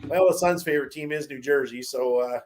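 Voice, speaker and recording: A man's voice: medium pitch, fast, darkish tone. A man telling a long casual story, rambling with many restarts, fillers and some swearing.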